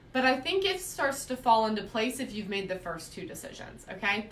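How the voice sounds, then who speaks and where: A woman teaches quilting in a chatty way, checking in with her viewers as she goes. Her voice sits at a middle pitch and echoes around a room, a little far from the mic, with faint ambience behind. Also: a bit bright, slight background noise. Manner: chatty, frequent "right?" check-ins. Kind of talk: live-streamed quilting lesson.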